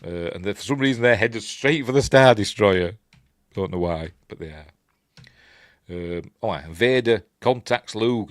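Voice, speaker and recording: A man's voice: lowish voice, a little slow, dry recording, studio quality. A man with a Yorkshire accent giving a casual, rambling film commentary, full of chuckling asides and playful character impressions. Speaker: film reviewer.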